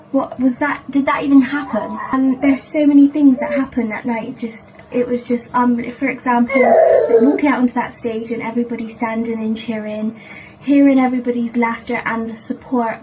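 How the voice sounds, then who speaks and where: A woman's voice: a little high, background noise. A woman in her thirties recapping an event in a vlog, emotional and gushing, rambling with restarts. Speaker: vlogger.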